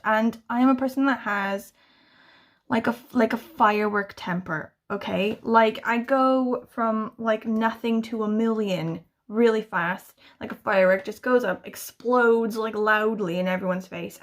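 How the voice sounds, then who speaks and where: A woman in her thirties chatting casually to camera, rambling and swearing freely in exasperated rants. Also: mid-range voice. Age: 30s. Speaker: booktuber answering a tag.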